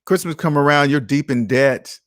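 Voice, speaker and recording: A man's voice: on the high side, normal speed, a bit bright, no room sound. Guy in his 30s going on about money, fired up and preachy, dry close sound. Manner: passionate, preachy, repeats his points. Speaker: personal finance show host. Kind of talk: casual talk monologue.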